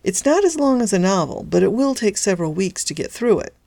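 A woman author narrating her own novella in a lively, lightly humorous storytelling manner. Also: medium pitch, fairly quick, creaky, no room sound. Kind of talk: scripted narration of a serialized story.

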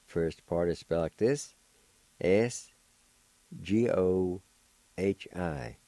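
A man giving a patient pronunciation lesson, spelling out letters and repeating each syllable slowly. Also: sits low, dark tone, no echo. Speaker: language teacher and radio host. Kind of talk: slow word-by-word pronunciation lesson.

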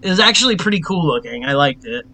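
A young man co-hosts a podcast in a fairly high, sing-song voice that is fast, pushed and bright, though the audio is poor. The chat is casual, and he laughs a lot and swears freely.

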